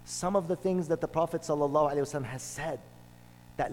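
Male preacher, slightly high voice, storytelling sermon with emphatic repetition. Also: animated, a little fast, darkish tone. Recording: long hall reverb.

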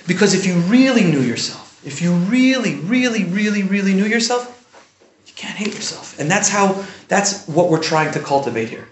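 Animated man lecturing in an echoey room. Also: sits high, fairly quick, a little hiss or hum. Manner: conversational, often asks "right?", animated bursts. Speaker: Jewish teacher giving a class. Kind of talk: informal Torah lecture.

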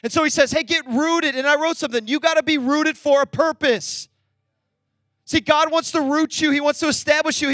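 A young man delivers a lively sermon in a very high voice. The sound is dry and close, with no room around it. He tells stories and acts out the voices in them. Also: no room sound. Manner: energetic, storytelling, acts out dialogue. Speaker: pastor.

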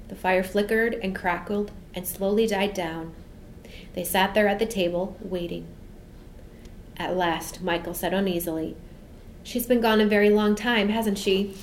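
A woman reads a classic children's story aloud, steady and expressive, in a middling voice. A faint hiss sits under the reading. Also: medium pitch, rough recording. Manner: measured and expressive. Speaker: audiobook narrator.

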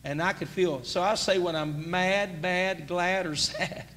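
A man preaching a sermon as pastor, emphatic and rising to near-shouts. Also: sits high, steady tone, measured pace. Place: church sanctuary. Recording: church sanctuary with long reverb, faint noise.

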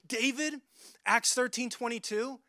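Male preacher, high voice, dry close sound, earnest and emphatic, circles back on his words. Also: a little slow, sharp tone, dry recording. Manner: earnest, emphatic, repeats words and restarts phrases. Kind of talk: sermon.

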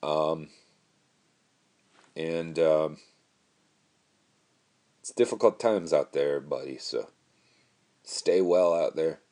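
A man's voice: a bass voice, takes it slowly, pauses often, dark tone. A young man hosting his own podcast, telling a story in a rambling, casual way, laughing often and swearing freely. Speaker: podcast host.

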